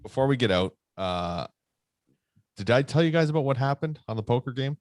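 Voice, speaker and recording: A man's voice: medium pitch, lively intonation, a little fast, dry recording, clean studio sound. A man co-hosting a podcast, telling a story in a rambling way with lots of fillers and swearing. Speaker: podcast co-host. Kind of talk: casual storytelling chat.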